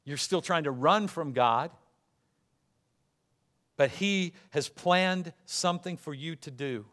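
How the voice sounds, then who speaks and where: A man's voice: a little high, takes it slowly, fairly bright tone. A man preaching a sermon, emphatic and repetitive, acting out the voices he quotes. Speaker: pastor.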